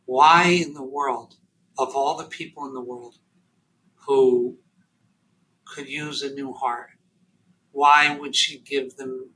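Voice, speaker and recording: A man telling a deeply personal story as a podcast guest, halting and emotional, near tears, with many fillers and restarts. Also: steady tone, bright, forceful tone, rough recording.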